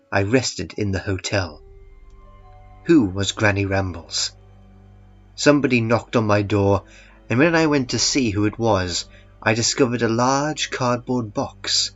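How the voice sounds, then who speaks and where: Calm man narrating a horror story. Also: lowish voice. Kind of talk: scripted first-person horror narration. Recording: muffled, with faint music beneath.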